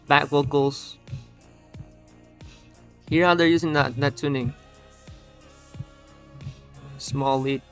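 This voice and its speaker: A man's voice: medium pitch, slow, vocal fry, long pauses. Man ranting over a playing song. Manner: animated, repetitive, talks over playing song. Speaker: music reaction youtuber. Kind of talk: casual ranting commentary over music. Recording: music under the voice. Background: music playing.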